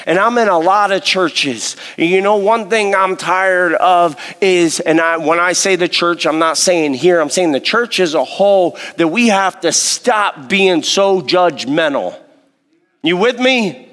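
Preacher guy, slightly high voice, long echo, keeps asking the room stuff. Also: a little slow, fairly bright tone. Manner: earnest, questions the congregation, reads scripture aloud. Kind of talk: sermon. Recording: long hall reverb.

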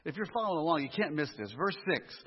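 A man's voice: on the high side, animated, fast, slightly rough. A man preaching a sermon, with conversational asides and humor. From US inner city. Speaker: pastor. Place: church sanctuary. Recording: muffled live church audio, long reverb.

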